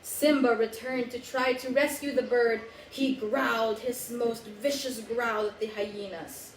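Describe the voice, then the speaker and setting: A woman with a Filipino accent, storytelling for children in an animated, sing-song way and coaxing them to join in. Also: a little high, a little slow, reverberant, slight background noise, rough recording. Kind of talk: live storytelling for kids.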